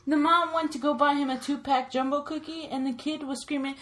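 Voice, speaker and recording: A woman's voice: high-pitched, fairly even intonation, fairly quick, fairly bright tone. A woman co-hosting a casual podcast, telling stories with swearing and mimicking shrieking kids. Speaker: podcast co-host.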